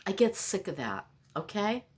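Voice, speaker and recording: A woman's voice: medium pitch, sing-song, moderate pace, breathy edge. A woman vlogger delivering a rambling, exasperated, self-mocking monologue.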